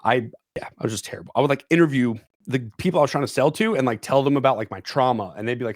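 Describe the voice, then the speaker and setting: A man's voice: mid-range voice, racing, few pauses, no room sound, studio quality. A young man guesting on a podcast, telling a rambling story and leaning on "like" and "dude". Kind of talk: casual storytelling chat. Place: podcast studio.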